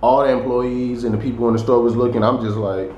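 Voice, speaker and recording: A young man chatting casually to the camera in his bedroom, animated and slangy, laughing as he tells stories. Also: mid-range voice, quick pace. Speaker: vlogger. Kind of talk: casual vlog chat. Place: bedroom indoors. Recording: echoey room with faint noise.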